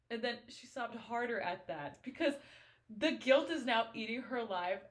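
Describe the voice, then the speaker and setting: A woman's voice: on the high side, expressive, moderate pace. A young adult woman co-hosting a podcast, chatting casually and emotionally about a novel and reading passages aloud. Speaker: podcast co-host. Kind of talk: casual book discussion.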